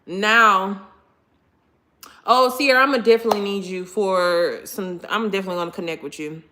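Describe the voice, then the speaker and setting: An animated, expressive woman, chatting casually with her viewers during a live stream. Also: mid-range voice, normal speed, a little hiss or hum.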